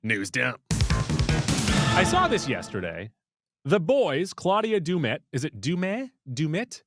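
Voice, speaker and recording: A man co-hosting a movie news podcast, chatting casually in a playful, animated way. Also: a little slow, loud music behind the voice. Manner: animated, playful, jumps pitch for emphasis. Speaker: podcast co-host. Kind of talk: casual chat.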